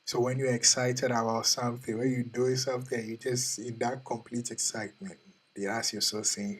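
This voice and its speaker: Casting: male host, husky voice, earnest motivational speaker who keeps repeating questions straight to camera. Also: medium pitch, level tone, moderate pace, rough recording. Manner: earnest, repetitive, questioning the listener. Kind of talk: motivational talk.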